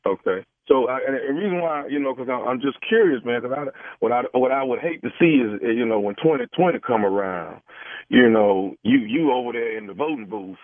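A man's voice: medium pitch, animated, a little fast, no room sound. A man making a prank phone call as a radio prankster, pushing his point with constant "you know"s and restarts. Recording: dry tinny phone line.

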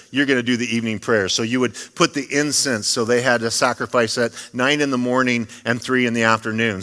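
A man's voice: mid-range voice, pushed and bright. A male pastor preaching a sermon in a church, talking in a conversational way with joking asides. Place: church sanctuary. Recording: long reverb of a church hall.

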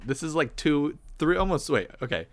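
A man's voice: a little high, sing-song, normal speed. A man co-hosting a podcast, chatting casually with dry, self-mocking humor. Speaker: podcast co-host. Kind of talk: casual chat.

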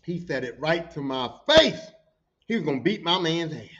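A man with a high voice tells a work story on a podcast, swearing freely and acting out what people said. The recording sounds dull and lo-fi. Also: normal speed. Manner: profane, animated, acts out quotes. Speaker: podcast host.

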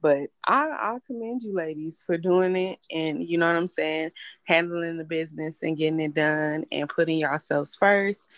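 A woman's voice: low voice, steady tone, normal speed, no echo. A young woman hosting a casual chat, talking bluntly and candidly and swearing freely. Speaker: host.

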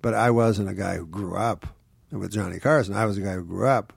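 A man's voice: on the low side, a little fast, gravelly, husky, no echo. A man, a guest comedian, telling rambling, wry anecdotes in casual talk full of fillers. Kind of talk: casual storytelling on a podcast.

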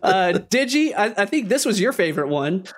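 A man's voice: sits high, very animated, a little fast, a bit bright. A man hosting a podcast who talks in a rambling, enthusiastic way in casual chat. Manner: rambling, enthusiastic, many restarts. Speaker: podcast host.

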